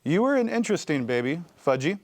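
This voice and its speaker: A man reading aloud, voicing a patient mother in a gentle, reasonable way. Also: on the high side, very animated, fast, dry recording, voice pushed up. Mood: calm.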